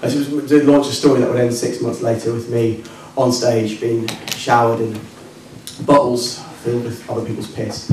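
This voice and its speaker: A man's voice: mid-range voice, little pitch movement, normal speed, darkish tone, a little hiss or hum. A young adult man telling a comic story on stage in a self-mocking, hesitant way, with ums and restarts. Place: working men's club stage, indoors. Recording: echoey club with distant mic and audience. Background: live audience.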